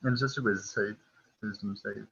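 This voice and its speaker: A man's voice: fairly low pitch, steady tone, moderate pace, creaky, a bit bright, muffled recording, a little hiss or hum. A man playing in a tabletop game, speaking casually with hesitant phrasing. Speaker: player.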